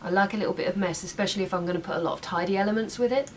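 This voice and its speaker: A woman's voice: mid-range voice, racing. A young woman chatting casually through a makeup tutorial at home, making small asides as she works. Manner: chatty, talks while working, some asides. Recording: slightly distant mic, faint room noise.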